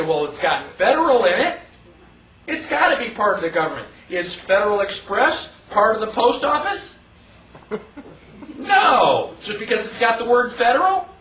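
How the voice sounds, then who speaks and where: High-voiced man lecturing in an echoey room. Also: fairly bright tone, distant mic, a little hiss or hum. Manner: conversational, rhetorical questions, acts out mock quotes. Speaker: constitution class teacher. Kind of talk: lecture to a live class. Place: classroom or meeting room.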